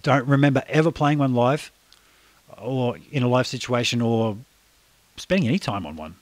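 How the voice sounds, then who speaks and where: A man's voice: medium pitch, normal speed, no echo. A man in his fifties from Australia with an Australian accent, hosting a casual podcast chat, talkative, laughing often and swearing casually. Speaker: podcast host.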